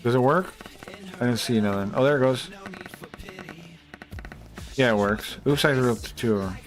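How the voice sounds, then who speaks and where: A man rambles casually to his live chat, swearing now and then and filling gaps with ums. His voice sits at an ordinary middle pitch. Faint music plays behind him. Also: normal speed. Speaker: streamer.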